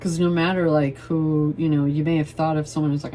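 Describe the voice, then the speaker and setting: Woman, tarot reader, low mellow voice, casual and playful, swears freely. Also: little pitch movement, brisk. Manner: chatty and loose, swears playfully, laughs often. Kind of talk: casual tarot reading to camera.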